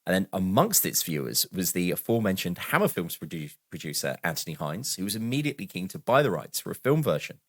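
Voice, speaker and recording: A man co-hosting a podcast, reading background notes aloud in a casual, animated way and laughing now and then. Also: low voice, fast, few pauses. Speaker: podcast co-host.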